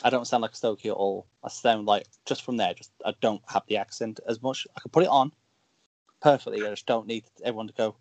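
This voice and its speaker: A man's voice: on the low side, fast, no room sound. A man from the Black Country with its accent, a wrestler guest chatting on a podcast and telling stories that act out what people said. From Dudley, Black Country, England. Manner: animated storyteller, acts out quoted lines. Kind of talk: casual podcast chat.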